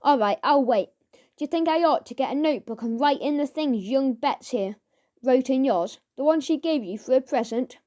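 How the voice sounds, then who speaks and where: A woman's voice: sits high, expressive, normal speed, warm tone. A woman reading a children's audiobook, voicing an eager, slangy working-class boy who runs his words together.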